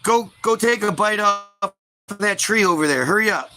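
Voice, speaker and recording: Man playing a blunt bossy Eve, curt orders, high bright voice. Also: normal speed. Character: bossy, impatient Eve, woman.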